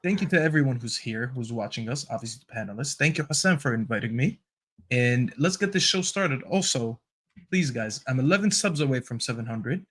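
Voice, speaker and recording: A man's voice: medium pitch, expressive, a little fast, a bit bright. A man on a football podcast panel, boasting and ribbing the host in casual chat.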